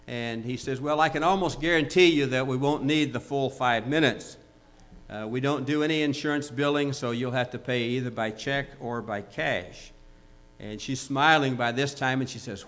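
A man's voice: mid-range voice, moderate pace, a bit bright. A man preaching a sermon, telling a joke story with quoted dialogue before moving into emphatic exhortation. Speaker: pastor.

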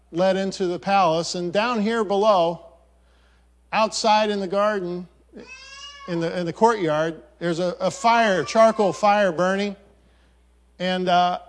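A man telling a scripture story as a sermon, pointing through a picture, stopping and repeating words as he goes. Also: high voice. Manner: narrates a picture, acts out voices of the story.

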